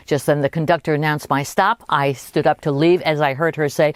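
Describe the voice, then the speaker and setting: A woman coach telling a personal anecdote in an animated, conversational way. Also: deep voice, normal speed, no echo. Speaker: holistic health coach. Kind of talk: personal storytelling.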